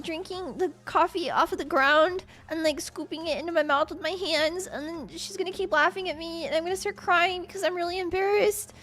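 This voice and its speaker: A woman's voice: very high-pitched, a bit bright. A woman streamer rambling through a comic monologue, full of fillers and crude words.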